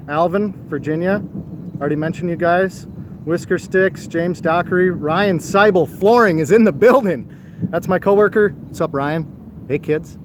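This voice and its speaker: A man with a fairly high voice hosts a casual live fishing stream at night, reading out viewers' names and thanking them for joining. He talks loosely about catfishing between greetings. The outdoor recording carries clear background noise. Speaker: fishing show co-host.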